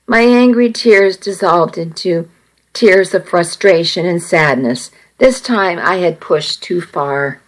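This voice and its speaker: A woman reading a first-person story aloud, measured and earnest. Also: lowish voice, low-quality recording. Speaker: narrator.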